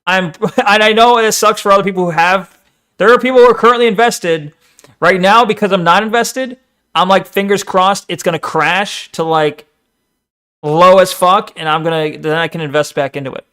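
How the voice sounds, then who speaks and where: A man's voice: high voice, normal speed, clear, resonant tone. A man streaming and reacting to a video in casual chat, cursing freely, laughing often and stumbling into stammers when he gets worked up. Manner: stammers when excited, self-mocking.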